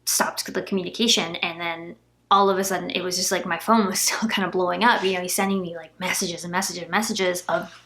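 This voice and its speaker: A young woman vlogger with a lowish, fairly bright voice and gravelly fry speaks briskly with fairly even intonation. In candid personal storytelling, she recounts a painful family argument, emotional and at times close to tears.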